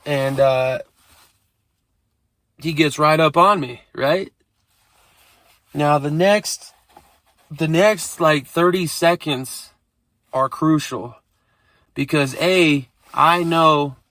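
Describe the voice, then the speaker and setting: A man's voice: medium pitch, steady tone, slow, vocal fry, pauses often, fairly bright tone, no room sound. A man casually telling a rambling street story, streetwise and full of profanity.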